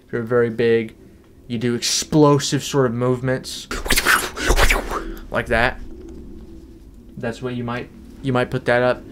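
Deadpan, crude young man. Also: mid-range voice, measured pace, pauses often, noisy background. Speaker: vlogger. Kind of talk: comedic sticker review vlog.

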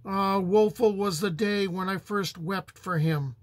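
A young princess cries out from the ramparts in a mournful storybook reading, with a man giving her voice. Her calls are slow and pleading, set fairly high. The sound is close and dry. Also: no room sound. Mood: mournful plea. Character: young princess lamenting her wounded husband.

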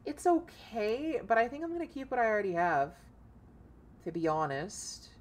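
A woman streaming a video game, excitable and swearing freely as she thinks aloud about her loadout. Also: mid-range voice, fairly quick. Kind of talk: casual gameplay commentary.

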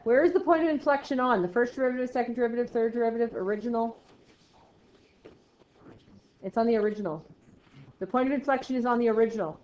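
A woman's voice: fairly high pitch, fast, long pauses, a little mellow. A woman math teacher lecturing a class, chatty and self-deprecating, quizzing her students as she works. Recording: roomy, dull lo-fi sound with faint noise.

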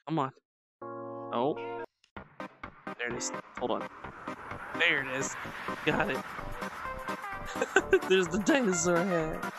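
With a mid-range voice, this streamer chats casually over gameplay, giggling and laughing frequently, dropping casual curses, and breaking into abrupt excited squeals.

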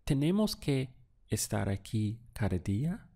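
A man in a recorded lesson, patient and deliberate, pausing for the learner to answer. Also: mid-range voice, sing-song, vocal fry, mellow. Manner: slow, patient drills with pauses for the learner. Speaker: language teacher.

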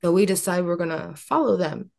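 A woman's voice: on the low side, lively intonation, fairly quick, creaky. A young adult woman as an interview guest, telling a long story in an earnest, rambling way with many fillers and restarts.

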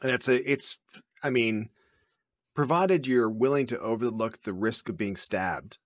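A man's voice: mid-range voice, unhurried, no echo. A man, a podcast guest, telling wry, self-mocking stories in casual chat. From Canada.

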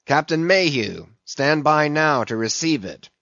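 A man voicing a grim, obsessed old sea captain who speaks in a gruff, stern, commanding way. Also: fairly high pitch, lively intonation, a little slow, fairly bright tone, no room sound, highs cut off.

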